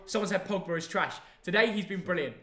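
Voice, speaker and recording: A young man hosting a live football reaction, chatty and excitable, firing quick questions at his dad. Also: sits high. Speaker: host. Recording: echoey room.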